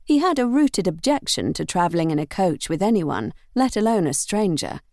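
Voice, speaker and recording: A woman narrating an audiobook novel in an expressive, measured storytelling manner. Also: lowish voice, no room sound, clean studio sound.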